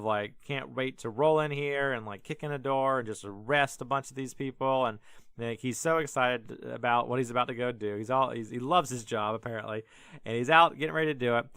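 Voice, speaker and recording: A man's voice: medium pitch, pushed and bright, smooth, no room sound. A man hosting a podcast, casually retelling a Bible story in a rambling, joking way full of fillers and restarts. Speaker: podcast host.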